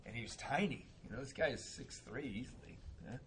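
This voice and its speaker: A man speaking at a recovery meeting, telling a personal story in a casual, animated way and laughing often. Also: mid-range voice, a little fast, slight background noise. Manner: animated, laughs often, acts out voices in quotes.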